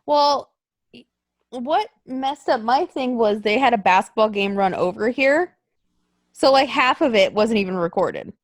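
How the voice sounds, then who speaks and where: A woman's voice: a little high, animated, a little slow, dry recording. A woman co-hosting a podcast in casual chat, talking loosely with lots of fillers. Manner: chatty, lots of likes and ums. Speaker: podcast co-host. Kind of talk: casual chat about wrestling.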